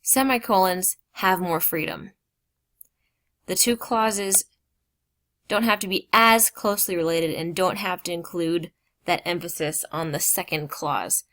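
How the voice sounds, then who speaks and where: A woman teaching a grammar lesson. She explains slowly, stresses key words and drops casual asides. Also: fairly low pitch, fairly even intonation, fairly bright tone.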